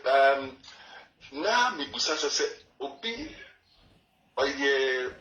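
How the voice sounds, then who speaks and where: A man's voice: medium pitch, very animated, takes it slowly, bright, forceful tone, echoey room, recorded from a distance, poor audio. A man with a Ghanaian accent calling a radio show, asking his question hesitantly and mixing Twi and English. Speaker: caller.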